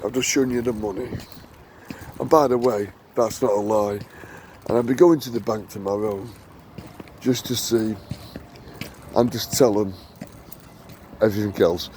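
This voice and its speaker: A man's voice: on the low side, steady tone, unhurried, pauses often. A man talking to camera outdoors, rambling and repeating himself for emphasis as he warns viewers. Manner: repetitive, emphatic, digressive. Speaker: vlogger. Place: outdoors on a busy street. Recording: street traffic noise. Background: loud traffic.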